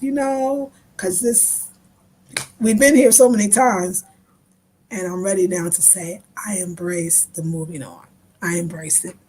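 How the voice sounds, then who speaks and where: A woman hosting her own video, telling a lively story to her viewers and acting out the voices of the people in it, often laughing as she talks. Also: medium pitch. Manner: animated, laughing, acts out voices in her stories. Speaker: video host.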